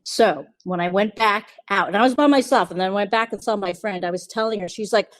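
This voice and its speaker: A woman's voice: medium pitch, fairly quick, no echo. Woman, podcast host, casual storytelling, confiding and chatty, dry close sound. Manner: chatty, confiding, quotes others in lively asides.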